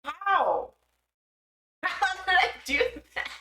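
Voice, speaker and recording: A woman's voice: very high-pitched, big pitch swings, extremely slow, bright, forceful tone, echoey room. A young woman streaming live, chatting casually and swearing freely as she laughs at herself.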